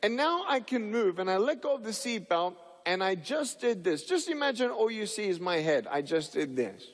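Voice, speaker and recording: Male motivational speaker, slightly high voice, animated storyteller who acts out the people in his stories. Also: moderate pace, long reverb tail. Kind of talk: humorous storytelling talk.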